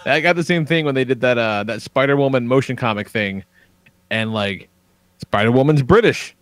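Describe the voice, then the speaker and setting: A man's voice: medium pitch, normal speed, a bit bright, no echo. A man hosting a podcast, chatting casually and swearing freely as he wraps up the show. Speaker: podcast host. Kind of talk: casual chat.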